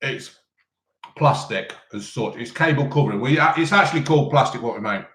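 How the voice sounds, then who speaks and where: A man's voice: mid-range voice, lively intonation, moderate pace, fairly bright tone. A man chatting casually on a live stream, eating and answering chat questions in a rambling way full of ums. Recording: roomy echo.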